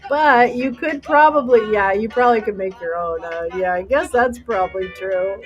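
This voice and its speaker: A middle-aged livestream host chatting casually with viewers, excitable and rambling, swearing freely. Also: medium pitch, normal speed, muffled recording, faint music behind.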